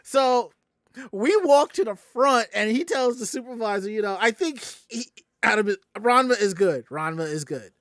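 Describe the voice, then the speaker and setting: A man's voice: sits high, normal speed, dry recording. Southern guy hosting a podcast, telling a long story, does all the voices in it, dry close mic. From Southern United States. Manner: animated, acts out quoted voices. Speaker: podcast host.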